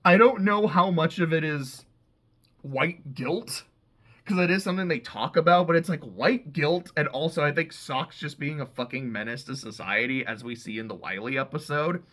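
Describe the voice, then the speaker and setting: Recapping TV episodes, a man speaks in a slightly high, sharp voice at a moderate speed. His style is relaxed and foul-mouthed, heavily reliant on "like."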